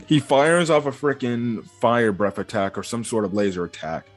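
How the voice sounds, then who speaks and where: A man with a lowish voice gives a casual, rambling recap of a comic chapter. He leans on fillers and drops into quick voiced quotes of the characters. Soft music plays faintly underneath. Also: animated. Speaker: manga reviewer. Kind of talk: casual video commentary.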